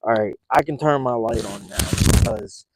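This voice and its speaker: A man live-streaming a night fishing trip from a small boat, talking in an excited, rambling way and breathing heavily. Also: mid-range voice, moderate pace, heavy background noise. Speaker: fishing vlogger. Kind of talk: live outdoor fishing vlog.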